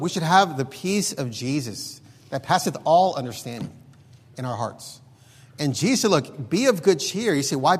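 A man's voice: mid-range voice, breathy edge. A man preaching a sermon in an emphatic way, repeating words and often saying "look.". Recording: long hall reverb.

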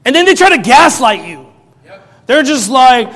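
A man preaching in a mocking, sarcastic rant, now and then bursting into shouts. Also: extremely high pitch, sing-song, brisk, slightly rough. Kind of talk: ranting commentary. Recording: long reverb.

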